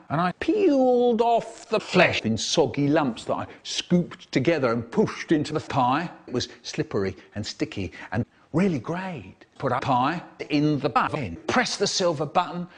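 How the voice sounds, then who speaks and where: A man telling a story with animated, theatrical delivery, acting out quoted characters with sudden high squeals and hushed drops, cut into a comedy remix. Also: breathy edge.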